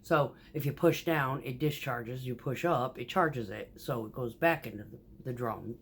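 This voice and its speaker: A woman who drives a concrete mixer truck, telling profane, animated stories about her workday in a casual vlog. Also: extremely low pitch, normal speed, a little hiss or hum. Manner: profane, animated, acts out quoted voices.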